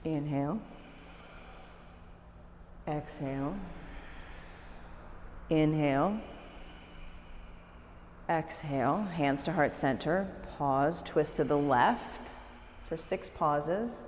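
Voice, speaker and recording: A woman, a yoga teacher leading a live class with slow, calm cues and encouraging asides. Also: low voice, slight background noise. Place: yoga studio, large room. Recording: echoey studio recorded live from a distance.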